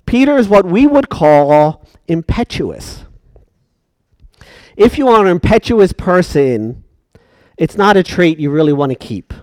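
A man's voice: high-pitched, very animated, a little slow, long pauses, a little mellow, no room sound. A man preaching a sermon, emphatic and questioning his congregation.

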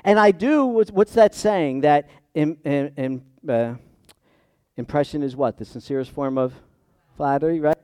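A middle-aged man preaches a sermon in an easy, conversational way. His voice sits a little high and swings from loud, emphatic peaks down to quiet asides. The sound is dry and close, with no room echo. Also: measured pace, clean tone. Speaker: pastor.

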